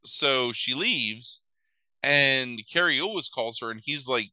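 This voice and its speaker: A man casually chatting as a podcast co-host, retelling a story and acting out characters in quick voices. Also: medium pitch, expressive, sharp tone, no room sound, low-quality recording. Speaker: podcast co-host recapping a movie. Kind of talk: casual chat.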